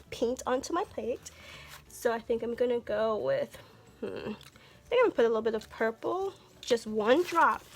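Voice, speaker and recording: Gentle encouraging woman art instructor. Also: high voice. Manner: gentle, encouraging, talks to viewers directly. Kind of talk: children's art lesson.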